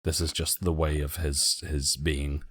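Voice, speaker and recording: A man voicing a formal, apologetic adventurer who calmly explains things to guards in a tabletop game. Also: very deep voice, unhurried, husky, dry recording, clean studio sound, voice pushed down, exaggerated voice. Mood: soothing. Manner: formal, soothing.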